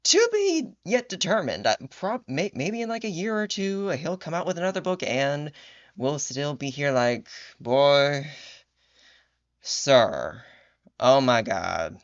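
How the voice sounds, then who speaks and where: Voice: medium pitch, sing-song, moderate pace, highs cut off. A tired vlogger in casual reaction commentary, rambling and exasperated, swearing often and restarting sentences. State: tired late at night.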